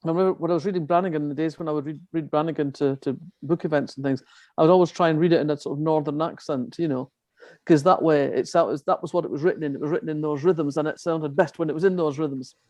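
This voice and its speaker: An older Scottish woman, a crime novelist, chats at an online festival over a video call, often restarting her sentences. Her voice is low and a little mellow, her intonation fairly even and her pace fast. There is no room sound.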